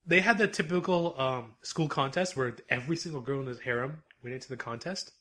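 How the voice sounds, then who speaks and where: A man co-hosting a podcast, recapping anime episodes in casual, animated chat and laughing often. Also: medium pitch, brisk. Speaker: podcast co-host.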